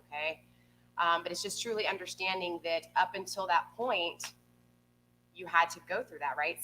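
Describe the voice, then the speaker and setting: A woman with a lowish, bright voice leads a live tarot reading. She talks in a chatty, reassuring way, tacking "okay?" onto her sentences, while a faint hum runs under the recording. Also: poor audio. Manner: chatty, frequently adds "okay?" to check in with viewers. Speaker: tarot reader.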